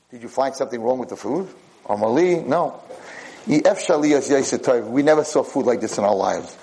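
A man giving a religious lecture, telling a story in a lively way and acting out what the characters say. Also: mid-range voice, a little fast, rough recording.

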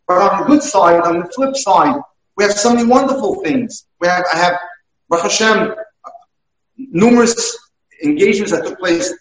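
A dating mentor with a high voice tells one case story after another at a normal speed, using examples to make his points in a talk. The recording sounds roomy and captured from far off.

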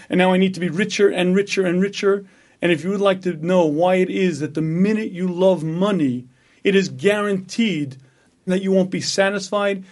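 A rabbi giving a Torah lecture, emphatic and full of rhetorical questions. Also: male voice, sits high, darkish tone.

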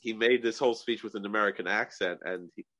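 A man chatting about films, halting and stumbling over his words. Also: fairly low pitch, bright, forceful tone, no echo. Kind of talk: casual film discussion.

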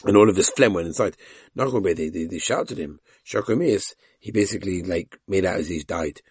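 Male Talmud teacher, low husky voice, quick delivery, reads Aramaic and retells the story in English. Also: no echo, clean studio sound. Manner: tells the story with voiced quotes of the characters.

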